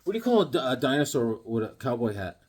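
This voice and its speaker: A man showing off his comic books in a casual vlog, animated and joking, with corny puns and sudden yelps. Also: mid-range voice, fast, husky. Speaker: comic book vlogger. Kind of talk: casual show-and-tell chat.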